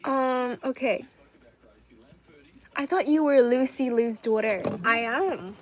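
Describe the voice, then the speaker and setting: A woman's voice: on the high side, takes it slowly, slight background noise, low-quality recording. Chatty young woman live-streaming. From China. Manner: chatty, rambling, reads viewer comments aloud. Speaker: livestreamer. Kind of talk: casual live-stream chat.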